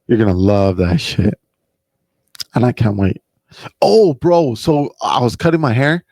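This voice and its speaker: A man's voice: mid-range voice, unhurried, mellow, dry recording. A young man hosting a podcast, rambling casually and profanely, saying "bro" and "dude" constantly. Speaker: podcast host.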